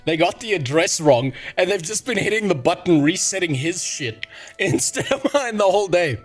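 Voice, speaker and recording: A man's voice: sits high, very animated, moderate pace. A man ranting and joking with heavy swearing, as the host of a casual livestream, over faint music. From South Africa. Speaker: streamer.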